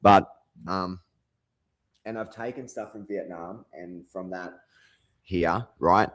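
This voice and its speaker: A man's voice: low-pitched, slow, a bit bright, dry recording. A man hosting his own show, talking in a heated, profane, rambling monologue full of restarts and swearing. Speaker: show host.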